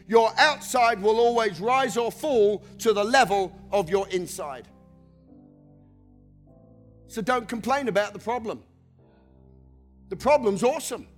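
A man preaching a passionate sermon, shouting and lilting into a sing-song delivery. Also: very high-pitched. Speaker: pastor.

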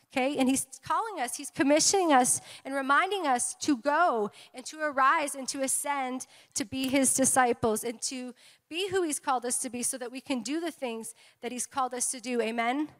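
A woman pastor preaching a sermon in a church, animated, often asking the congregation "amen?" and "okay?". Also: sits high, normal speed. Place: church sanctuary. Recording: long hall reverb.

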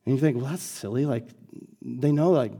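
A man's voice: medium pitch, normal speed, mellow, husky. A young American man preaching a sermon as a guest pastor, in a casual, conversational way with lots of filler words. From United States.

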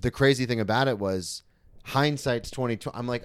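A man's voice: medium pitch, a little fast, clear, resonant tone, no echo, clean studio sound. A man hosting a podcast, talking earnestly and reflectively, at times emotional, with restarts and sweary asides. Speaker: podcast host. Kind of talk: candid podcast conversation.

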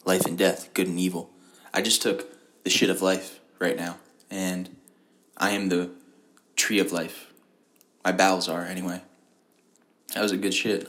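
A man's voice: lowish voice, a bit bright. A young man hosting a rambling, profane comic monologue and laughing at his own jokes. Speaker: show host.

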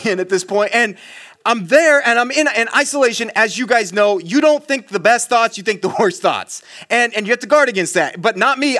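Animated storytelling pastor, bright and high. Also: male voice. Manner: animated storytelling, self-mocking asides, dramatic hushed drops. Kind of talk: sermon.

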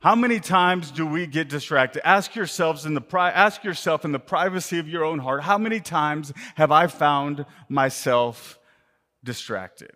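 A man delivering a sermon, repeating rhetorical questions to the congregation and moving between loud impassioned preaching and near-whispers. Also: fairly high pitch, lively intonation, measured pace. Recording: long reverb of a large hall.

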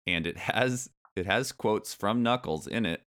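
A man with a very deep, low voice hosts a casual podcast. He talks in a chatty, easygoing way and slips ironic asides into what he reads. He laughs often. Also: a little slow, a bit bright. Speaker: podcast host.

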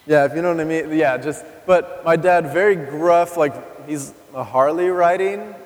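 A man's voice: fairly high pitch, moderate pace, hardly any pauses, darkish tone. Man, thirties, testimony sermon, conversational, talks straight to the crowd, long hall reverb. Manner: candid, conversational, addresses the audience directly. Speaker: preacher. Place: church hall. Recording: live recording in a reverberant hall.

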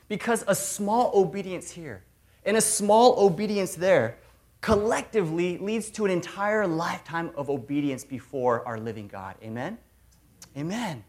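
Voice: mid-range voice, lively intonation, moderate pace. Emphatic preacher giving a sermon. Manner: emphatic, repeats key phrases, swings between loud and soft. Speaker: preacher, regional ministry director. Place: large room with a big audience.

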